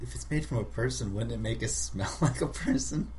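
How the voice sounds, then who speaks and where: A man's voice: medium pitch, fairly quick, a little mellow, slight background noise. A man playing a tabletop role-playing game, hesitant and full of questions. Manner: hesitant, asks many questions. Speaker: player. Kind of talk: casual tabletop game chat.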